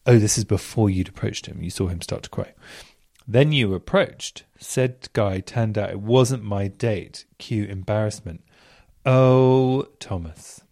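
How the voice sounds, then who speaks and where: A man hosting a radio show, chatting with listeners in an animated, camp way. His low voice swoops far up into squeals of surprise and then drops to a murmur. The sound is close and dry. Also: no echo. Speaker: radio host reading listener stories. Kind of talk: casual chat.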